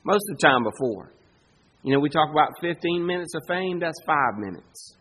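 High-voiced preacher delivering a sermon. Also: male voice, animated, moderate pace, a bit bright, low-quality recording. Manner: emphatic preaching, rising and falling in force. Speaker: pastor.

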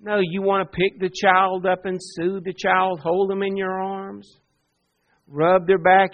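A man preaching a sermon, earnest, moving between soft hushed lines and emphatic ones. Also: high voice, little pitch movement, a little slow, muffled recording. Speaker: pastor.

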